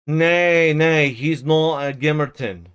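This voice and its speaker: A man doing a sour, pious old servant, his voice pitched a bit higher and pushed louder than plain talk. He drags every phrase out slowly, droning on like a sermon. The tone stays smooth and clear, as in a dramatic novel reading. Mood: preaching. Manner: slow, droning, sermonizing delivery.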